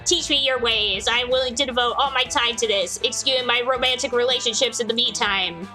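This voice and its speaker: A woman's voice: a little high, fairly quick, pushed and bright, soft background music, low-quality recording. A young woman hosting a story game, reading its text aloud in a mock-grandiose, playful way. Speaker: host playing a story game.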